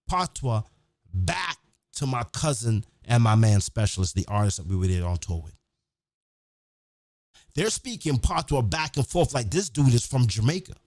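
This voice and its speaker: A man hosting a podcast, telling stories in a casual, profane, animated way. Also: medium pitch, no room sound, clean studio sound. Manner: profane, animated, acts out quotes. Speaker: podcast host. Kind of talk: casual storytelling.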